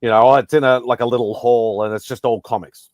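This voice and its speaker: A man's voice: medium pitch, steady tone, quick pace, no echo, studio quality. A man chatting casually on a video hangout, laid-back and matter-of-fact. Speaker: panelist. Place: home, joined by video call.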